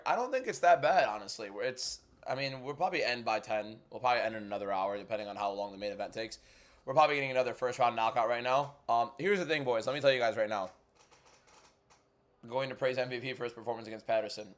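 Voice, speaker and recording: Young man chatting on a fight watchalong. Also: medium pitch. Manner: chatty, frank, quick opinions, reads viewer questions aloud. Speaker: livestream host. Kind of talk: casual watchalong chat, answering chat.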